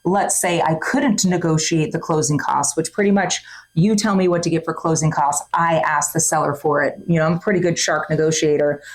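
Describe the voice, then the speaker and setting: A woman with a slightly low voice hosts a casual podcast chat. She talks with a playful, teasing confidence, like a real estate agent sure of her deals. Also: steady tone, brisk.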